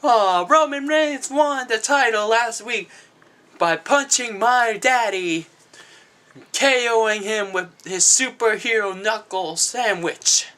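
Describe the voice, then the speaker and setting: Man mimicking a petulant female boss, whiny and bright. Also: sits high, slow pace, clean tone, pitched above the performer's own voice, full character voice. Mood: mocking. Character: whiny angry woman executive.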